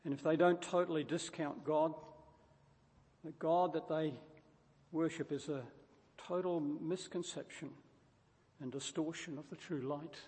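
A preacher with a strikingly high-pitched, somewhat dark voice delivers a sermon at an unhurried, steady pace, driving home each point through emphatic repetition and often stumbling into restarts. A long reverb tail follows his words, as though he's in a large hall.

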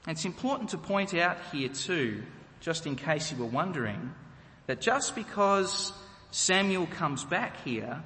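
A man's voice: on the high side, sing-song, a little slow, sharp tone, big-room sound. A man preaching a sermon, emphatic and full of rhetorical questions to the congregation.

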